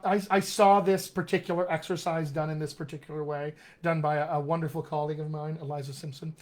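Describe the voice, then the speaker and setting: Chatty dialect coach on a livestream. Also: male voice, a little high. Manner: conversational, checks in often with "all right?"; addresses viewers as "my friends". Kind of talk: live-streamed teaching talk. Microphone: webcam or computer mic on a live video stream.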